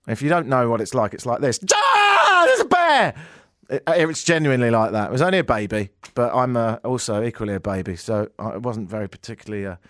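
A man's voice: medium pitch, quick pace, few pauses, no room sound, studio quality. A man with an English accent hosting a radio show, telling a rambling, self-mocking story in a casual, joking way. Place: radio studio.

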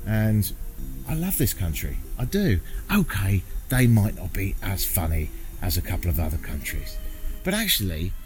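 A man's voice: low voice, sing-song, normal speed. A British man talking to camera while walking outdoors in a small mountain town, chatty and wry, swearing now and then, with earnest moments, faint music behind. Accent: British English. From Britain. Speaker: vlogger. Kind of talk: walking vlog monologue.

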